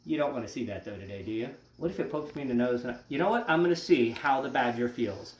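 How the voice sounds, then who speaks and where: A man's voice: mid-range voice, fast. Playful man hosting an animal show. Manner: playful, jokey, chatty. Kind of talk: educational animal demonstration. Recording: roomy echo.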